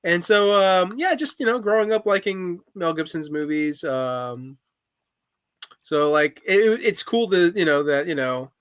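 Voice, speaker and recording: A man's voice: high-pitched, animated, a little slow, fairly bright tone, clean tone, dry recording, clean studio sound. A man co-hosting a podcast in casual chat, talking with many fillers and restarts. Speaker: podcast co-host.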